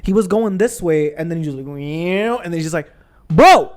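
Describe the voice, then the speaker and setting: A young man casually commentating his gameplay, excitable and profane, trash-talking enemies on screen. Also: fairly high pitch, fast talker. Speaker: gaming channel host.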